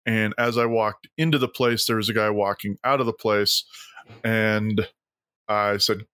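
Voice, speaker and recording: Podcast co-host, man, lower register, animated storyteller, dry close mic. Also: moderate pace, dry recording. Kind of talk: casual chat.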